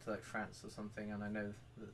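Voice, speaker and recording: A man's voice: fairly low pitch, fast. A young man from England with a Bristol accent, chatting casually as a co-host and telling rambling stories full of fillers. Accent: Bristol English. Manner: relaxed, rambling storytelling with many fillers. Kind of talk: casual chat.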